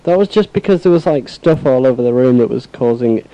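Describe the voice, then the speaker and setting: A young Englishman co-hosts a casual podcast, talking eagerly and enthusiastically about music and gigs. His medium-pitched voice is animated and brisk, though the audio sounds dull.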